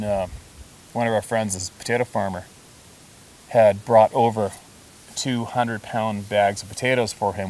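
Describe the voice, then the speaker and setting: Low-voiced man telling stories, off-mic. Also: a little mellow. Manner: chatty, emphatic, laughs while telling. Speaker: storyteller. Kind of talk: casual storytelling. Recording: distant mic with faint hiss.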